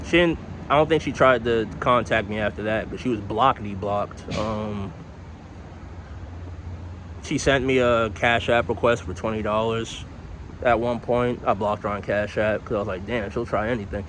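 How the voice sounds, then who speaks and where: A man's voice: lowish voice, fairly even intonation, normal speed, fairly bright tone, a little hiss or hum, poor audio. A young man telling a personal story in a casual storytime vlog, rambling, candid and profane.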